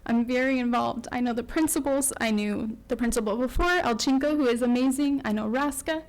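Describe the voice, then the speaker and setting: Woman parent at school board mic, fairly high voice, near tears, halting and apologetic. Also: rough recording. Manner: emotional, tearful, apologetic, halting with many ums. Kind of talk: public comment.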